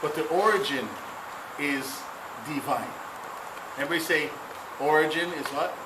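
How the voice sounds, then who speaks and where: A man's voice: a little high, normal speed. A man giving a playful cultural talk, drawing the audience into call-and-response. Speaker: cultural speaker. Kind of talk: interactive public talk. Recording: echoey room, noisy ambience.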